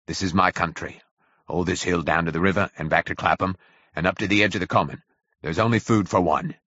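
A man voicing a hoarse, wary soldier. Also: deep voice, steady tone, fairly quick, a bit bright, dry recording. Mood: territorial. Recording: dull, dry audio.

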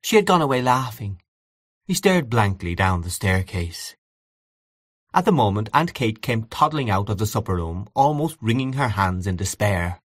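A man narrating classic fiction as an audiobook, in a measured, expressive reading. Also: lowish voice, no echo, clean studio sound.

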